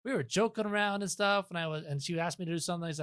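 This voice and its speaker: A man's voice: high voice, rapid-fire, fairly bright tone, clean tone, dry recording, clean studio sound. A young man talking as a podcast guest in casual chat, rambling and self-deprecating, with many restarts.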